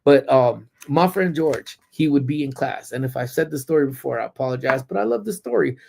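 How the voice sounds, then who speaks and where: A man hosts a loose, unscripted live-stream chat from his parked car. He rambles through stories with frequent ums and gets blunt and salty when something irritates him. His voice sits at a middle pitch with a gravelly fry running through it. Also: expressive, fairly quick, a little mellow, a little hiss or hum. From Southern California. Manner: rambling storyteller with many ums, blunt and profane when annoyed. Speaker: livestream host. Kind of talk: casual live-stream chat, reading chat comments aloud.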